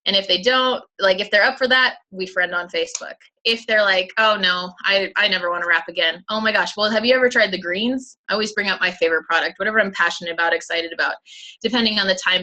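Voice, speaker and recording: A woman's voice: mid-range voice, sharp tone, low-quality recording. A young woman and mother of two, co-hosting a sales team call in upbeat, chatty motivational talk, telling stories about her kids. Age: young adult. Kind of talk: casual motivational chat.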